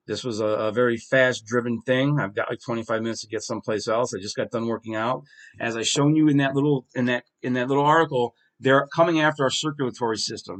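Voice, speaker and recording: A man's voice: mid-range voice, fairly bright tone. Profane, ranting male podcast host. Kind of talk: heated solo monologue.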